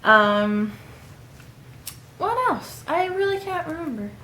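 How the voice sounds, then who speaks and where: A young woman in her twenties talks through casual tips to camera in a slightly high voice. She rambles chattily, filling gaps with ums. The room around her sounds echoey. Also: very animated, slow, sharp tone, a little hiss or hum. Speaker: vlogger. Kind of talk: casual advice vlog.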